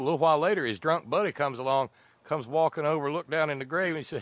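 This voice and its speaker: A man's voice: on the high side, quick pace, a bit bright, no room sound. A man as a guest in a casual chat, telling stories in a rambling way with many restarts. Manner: rambling, chuckling storyteller who restarts often.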